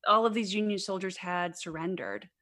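A woman's voice: lowish voice, moderate pace, sharp tone. A woman co-hosting a podcast, chatting casually and retelling a history story with playful asides and easy laughs. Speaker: podcast co-host.

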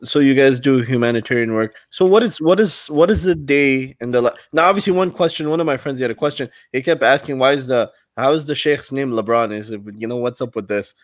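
A man's voice: medium pitch, fairly quick, hardly any pauses, dry recording. Male podcast host, medium voice with a dry sound, casual and jokey. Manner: friendly, joking, mixes in Arabic phrases. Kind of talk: casual interview chat.

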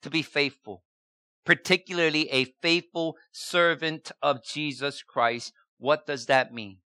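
A man's voice: on the high side, steady tone, a little slow, bright, forceful tone, no room sound, clean studio sound. A man preaching a sermon as a pastor, asking rhetorical questions and repeating key words for emphasis.

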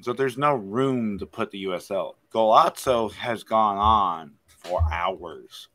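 Bright-voiced opinionated man chatting sports. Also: on the low side, slow pace, dry recording. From Kentucky. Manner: opinionated, emphatic, many "like" fillers. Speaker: podcast co-host. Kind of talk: casual sports chat.

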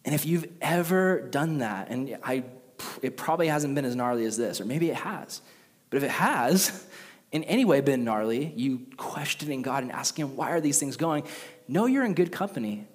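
A male pastor preaching in a casual, animated way, full of slang, reading scripture with rising intensity. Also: medium pitch, normal speed, big-room sound. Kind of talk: casual sermon.

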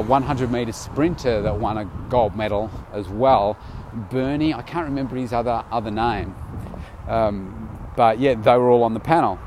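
A man's voice: lowish voice, darkish tone, a little hiss or hum. A tired man casually recording an audio diary outdoors, rambling loosely with many fillers and restarts. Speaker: vlogger.

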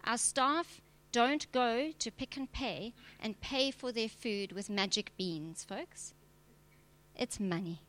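A woman's voice: fairly high pitch, takes it slowly, fairly bright tone. A woman preacher, giving a direct, emphatic sermon with touches of humor. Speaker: preacher and church leader.

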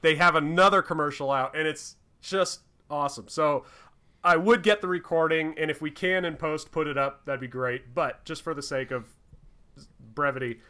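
Co-hosting a casual podcast, a man chats in a rambling way full of fillers and restarts, laughing often. He has a fairly high, smooth voice that sounds pushed and bright, with a steady tone and a moderate pace.

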